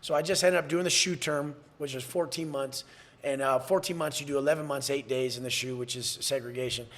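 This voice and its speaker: Bluntly telling his life story as a podcast guest, a San Diego man speaks in a higher, somewhat bright voice. The interview is candid storytelling, and he swears freely while acting out others' voices.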